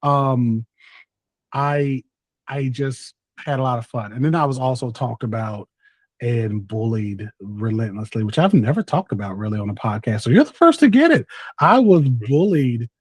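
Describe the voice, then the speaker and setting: A man's voice: mid-range voice, animated, moderate pace, a little mellow, breathy edge, no room sound. Exuberant Southern man, dry sound. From North Carolina, US. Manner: exuberant, talkative, playful. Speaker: podcast guest, content creator. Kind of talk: casual chat.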